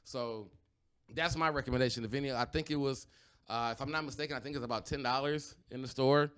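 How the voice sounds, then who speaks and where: A man's voice: medium pitch, a little fast, fairly bright tone, smooth. A man co-hosting a podcast, chatting casually in a loose, rambling way with lots of fillers and restarts. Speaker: podcast co-host. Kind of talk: casual chat.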